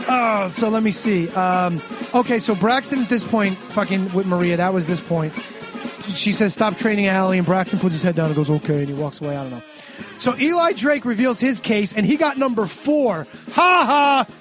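A man's voice: high-pitched, animated, normal speed, a bit bright, faint music behind. A man recapping a wrestling show on a podcast in a sarcastic, ranting way with lots of swearing. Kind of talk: casual profane recap.

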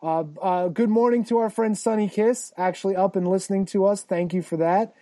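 A man hosting a casual podcast, swearing freely and rambling excitedly while reading out listener comments. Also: high voice, a little fast, no room sound. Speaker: podcast host. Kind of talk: casual chat.

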